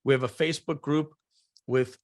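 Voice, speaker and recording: A middle-aged man, a guest on a podcast, telling stories in an animated, rambling way and often repeating words. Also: medium pitch, moderate pace. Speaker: guest entrepreneur. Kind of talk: podcast interview storytelling.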